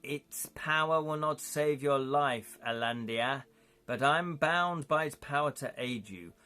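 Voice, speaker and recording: A man's voice: fairly high pitch, slow, sharp tone, smooth. A man voicing a hissing water serpent creature that is bound to help, in a live read-through of a gamebook. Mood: ominous.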